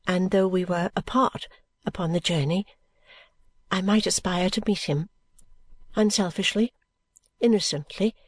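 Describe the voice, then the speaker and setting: A woman narrating a novel in the first person, with an earnest, tender and measured delivery. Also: on the low side. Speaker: audiobook narrator.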